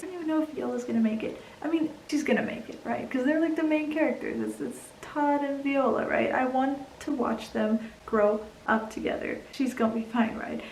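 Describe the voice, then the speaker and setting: A woman's voice: on the high side, fairly even intonation, normal speed, creaky, darkish tone, reverberant, slight background noise, rough recording. A young woman vlogging casually about a book she just read, emotional and teary, laughing often and dropping into whispers. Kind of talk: casual reading vlog.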